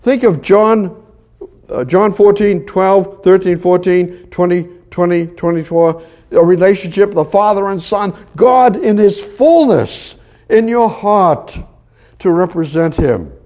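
High-voiced preacher, animated and halting. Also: male voice. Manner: animated, swings between loud exhortation and hushed low asides; halting restarts and repeated words. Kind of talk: sermon.

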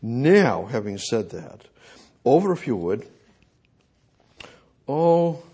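Husky male preacher giving a sermon, moves between loud pleas and quiet asides, reads scripture slowly. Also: mid-range voice, very animated. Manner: swings from loud pleading to quiet, drawn-out reading of scripture; rhetorical questions to the congregation.

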